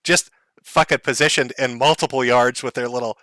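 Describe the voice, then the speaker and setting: A man's voice: mid-range voice, steady tone, a little fast, sharp tone, no echo. A man hosting a live stream, giving mocking, profane commentary and laughing often. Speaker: livestream host.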